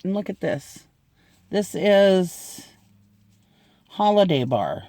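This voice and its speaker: In an unboxing video, a middle-aged man chats casually, gushing and laughing often. His voice is high and warm, swinging widely in pitch, and he takes his time.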